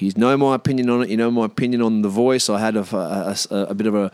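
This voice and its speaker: A man's voice: on the low side, fairly even intonation, fast talker, few pauses, a little mellow, smooth, no echo. An Australian man hosting a solo podcast rant from inside a caravan, blunt and swearing freely, with lots of "mate" and restarts as he thinks aloud. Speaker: podcast host. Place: in a caravan with the doors open.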